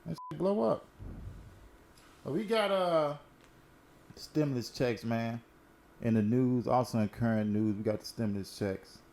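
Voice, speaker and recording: A man's voice: mid-range voice, normal speed, a little mellow, slight background noise. A man hosting a casual current-events talk, telling stories in a laid-back, slangy and profane way while smoking. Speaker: host.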